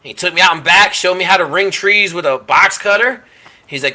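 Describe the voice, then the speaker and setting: A man, a former SEAL on a panel, telling stories in casual chat and shouting out the quoted lines. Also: high voice, brisk.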